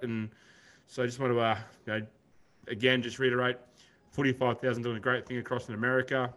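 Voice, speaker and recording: A man with an Australian accent co-hosts a podcast, rambling in a laid-back, casual chat and calling his co-host mate. His medium-pitched voice is level, fast, and fairly bright.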